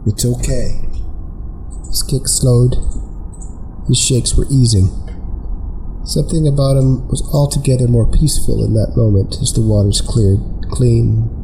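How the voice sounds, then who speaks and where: A man narrating a scripted story in a measured, unhurried way. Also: mid-range voice, steady tone, gravelly, background noise.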